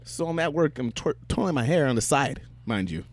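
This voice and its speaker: Animated man telling stories. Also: medium pitch, fairly quick. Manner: animated storyteller, swears freely. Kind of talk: casual chat.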